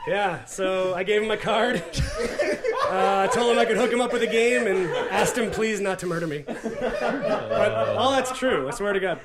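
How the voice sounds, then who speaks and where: A man telling a story as a podcast guest, animated and laughing often. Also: sits high, normal speed. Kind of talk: casual podcast chat. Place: busy convention floor. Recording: loud crowd chatter behind.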